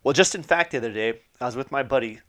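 A man's voice: mid-range voice, fast, fairly bright tone. A man telling a personal story in a casual, profane way, with fillers and laughter.

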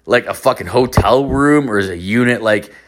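A man's voice: mid-range voice, moderate pace. A man in his late thirties hosting his own show, telling a rambling, profane story full of fillers and swearing. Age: late 30s. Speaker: podcast host.

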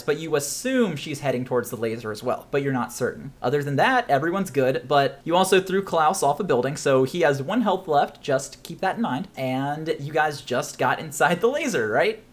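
A man running a choose-your-own-adventure game as game master for a podcast, animated and often laughing as he narrates. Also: on the high side. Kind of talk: narrating a tabletop role-playing podcast.

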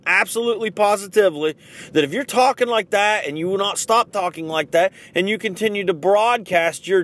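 A middle-aged man hosting a podcast, giving a blunt, forceful motivational talk with swings in pitch and loudness. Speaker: podcast host.

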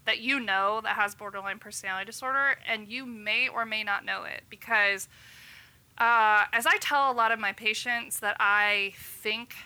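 Bright-voiced animated woman storyteller. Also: mid-range voice, normal speed, clear, resonant tone. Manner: animated storytelling, acting out quotes. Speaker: physician guest. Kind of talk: casual podcast chat.

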